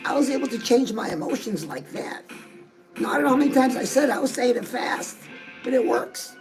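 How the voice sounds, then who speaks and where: A woman's voice: a little high, expressive, brisk, darkish tone, poor audio. A woman dating coach talking straight to her audience in a chatty, sassy way. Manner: chatty, sassy, calls listeners "girls". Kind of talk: direct-address advice talk. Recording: music playing behind the voice.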